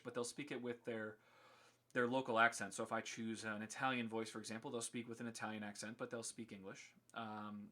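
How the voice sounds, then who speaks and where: A man's voice: on the low side, fairly bright tone. A man casually explaining his code on a live stream, chatty with many ums and restarts.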